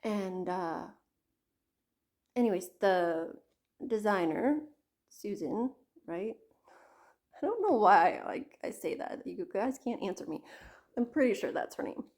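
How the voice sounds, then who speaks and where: A woman's voice: medium pitch, lively intonation, slow pace, pauses often, a little mellow. A middle-aged woman from Canada chatting casually to camera about her craft projects, rambling with lots of fillers, asides and self-interruptions. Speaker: craft vlogger.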